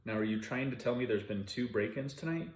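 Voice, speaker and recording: A man voicing a gruff, short-tempered small-town police chief who talks bluntly and swears. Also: mid-range voice, a little fast, close to an everyday voice. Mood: irritated. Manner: blunt, profane, drawling. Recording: roomy echo.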